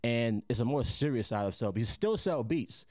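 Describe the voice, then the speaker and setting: A man's voice: mid-range voice, lively intonation, moderate pace, darkish tone, no echo, studio quality. A man from Jamaica, a guest musician, talking casually and at length on a podcast, with a laid-back, rambling manner. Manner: laid-back, rambling, fond of "you know what I'm saying".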